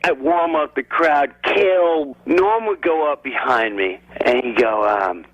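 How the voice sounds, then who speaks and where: A man telling animated comedy anecdotes in casual chat, acting out what others said. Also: medium pitch, slow pace, no echo, dull audio. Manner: animated anecdotes with quoted voices. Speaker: comedian guest.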